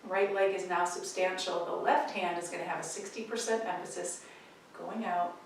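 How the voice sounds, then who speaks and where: A woman leading a tai chi practice, cueing movements calmly and gently with pauses between steps. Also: on the low side, recorded from a distance, a little hiss or hum. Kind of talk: guided movement instruction. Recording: echoey room, voice from off-mic.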